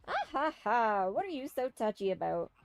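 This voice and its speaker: A woman's voice: fairly high pitch, big pitch swings, normal speed, gravelly, noisy background. A woman voicing a teasing young girl companion.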